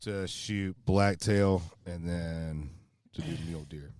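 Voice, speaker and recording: A man telling a rambling, animated story in casual talk outdoors by a fire, full of "bro" and "dude". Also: low-pitched, takes it slowly, clear, resonant tone, no echo, studio quality. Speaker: podcast co-host.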